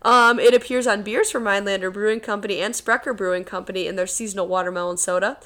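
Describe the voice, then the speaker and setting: A woman's voice: medium pitch, fairly even intonation, fast, fairly bright tone. Chatty woman podcast co-host. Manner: chatty and laughing easily. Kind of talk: casual chat.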